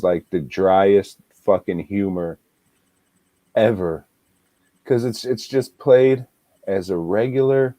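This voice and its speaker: A man's voice: low voice, mellow, no echo. A man co-hosting a podcast, casually retelling a film with lots of swearing and laughter. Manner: laid-back, swears a lot, laughs while retelling. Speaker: podcast co-host, movie reviewer. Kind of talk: casual movie review chat.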